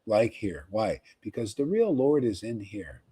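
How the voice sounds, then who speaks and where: Husky, mellow-voiced man giving a devotional talk. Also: fairly low pitch, very animated, measured pace. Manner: conversational, rambling, repeats words and asks "see?". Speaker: spiritual teacher.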